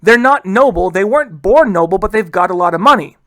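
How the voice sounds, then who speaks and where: A history teacher gives an informal, chatty classroom lecture in a high, slightly bright voice with lively intonation and a dry sound. He often addresses the room as "guys," asks rhetorical questions, and briefly impersonates historical figures in quoted lines.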